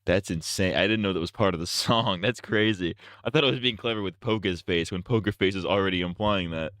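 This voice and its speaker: A man streaming, talking to himself as he works out parody song lyrics, trying lines out loud with bursts of sung falsetto. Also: brisk, dry recording, studio quality. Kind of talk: casual livestream chat.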